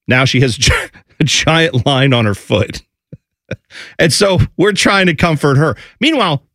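A man in his thirties, a radio co-host, telling a family story in a casual, animated way and acting out the voices of his kids. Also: on the high side, measured pace, dry recording, studio quality. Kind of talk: casual morning-show storytelling.

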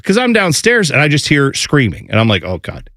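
Animated dad telling a story. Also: male voice, on the high side, brisk, no echo, studio quality. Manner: animated, acts out family voices, laughs while telling. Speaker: radio show co-host. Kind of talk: casual morning-show storytelling.

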